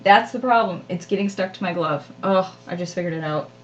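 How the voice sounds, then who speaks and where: Working on a project during her live crafting stream, this host talks briskly in a fairly low voice, with dull audio. She keeps things casual and self-deprecating with her viewers, frequently laughing at herself.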